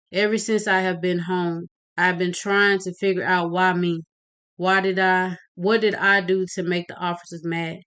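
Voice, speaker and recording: A woman's voice: lowish voice, clear, resonant tone, close to an everyday voice. Woman reading as a scared teenage boy. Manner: pleading when scared, earnest and steady on stage. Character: frightened teenage Black boy, later calm speaker.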